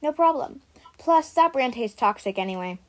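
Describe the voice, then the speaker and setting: A woman's voice: high voice, expressive, moderate pace. A woman voicing a practical, no-nonsense girl who speaks firmly and matter-of-factly in a read-aloud story. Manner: matter-of-fact, firm.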